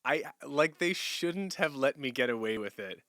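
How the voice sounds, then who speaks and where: Young male streamer, bright and crisp tone, dry close sound, loose, chatty and laughing. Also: medium pitch, normal speed, no room sound. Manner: relaxed, rambling, laughs often. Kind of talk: casual livestream chat answering viewers.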